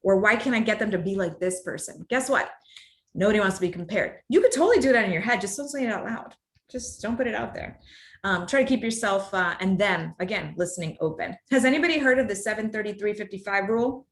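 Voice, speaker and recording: A woman giving a live workshop to an audience in a room, talking in an animated, conversational way and addressing the audience directly. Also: medium pitch, quick pace. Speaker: workshop speaker. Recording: roomy echo.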